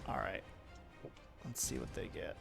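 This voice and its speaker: A man's voice: medium pitch, unhurried, creaky, music in the background. A man narrating as game master of a live tabletop role-playing game, talking loosely with many fillers.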